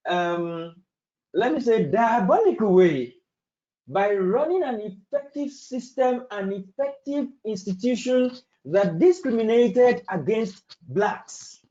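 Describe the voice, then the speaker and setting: A woman, speaking as a panelist in an academic webinar, talking in a measured, deliberate way and using anecdotes to make her points. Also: mid-range voice, mellow. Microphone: video call. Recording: dull lo-fi video call audio.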